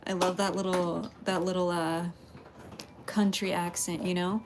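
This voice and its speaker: A woman's voice: on the low side, steady tone, normal speed, a little hiss or hum. A woman from Texas, hosting a casual pottery livestream, chatting with viewers, greeting them by name and laughing often.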